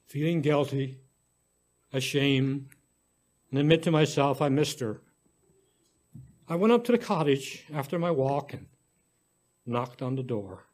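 A man reading a short story aloud in a gentle, unhurried way, now and then stumbling and restarting a word. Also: medium pitch, animated. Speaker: story reader.

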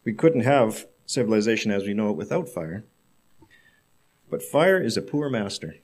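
A man's voice: fairly low pitch, big pitch swings, normal speed, darkish tone. Emphatic male preacher. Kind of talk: sermon with storytelling.

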